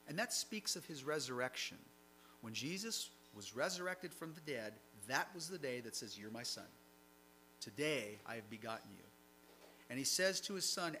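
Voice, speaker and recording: Bright-voiced man preaching. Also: medium pitch, sing-song, moderate pace, slight background noise, rough recording. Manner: reads passages aloud then comments conversationally. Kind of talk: sermon, reading and explaining scripture.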